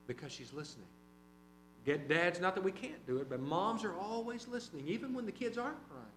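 A middle-aged man preaching a conversational sermon, telling personal stories and dropping to quiet asides. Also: high-pitched, lively intonation, brisk. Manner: conversational, anecdotal, varies loudness widely. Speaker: preacher and teacher. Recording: roomy hall with mains hum.

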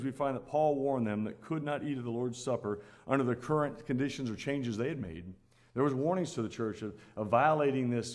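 A man delivers a sermon in an earnest, plain-spoken way. His voice sits at an ordinary middle pitch, and he leans on repeated phrases to drive his points home. He rises when he exhorts his listeners. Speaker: preacher.

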